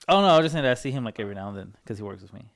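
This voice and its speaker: A man's voice: mid-range voice, expressive, rapid-fire. A laid-back young man in a casual chat with friends, using lots of slang.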